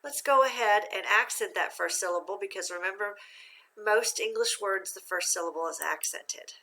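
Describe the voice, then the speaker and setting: A woman with a bright, clear voice leads a reading lesson at an even teacher's pace. She asks simple questions, waits, then confirms the answers patiently. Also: mid-range voice, normal speed, rough recording. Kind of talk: phonics lesson for young learners.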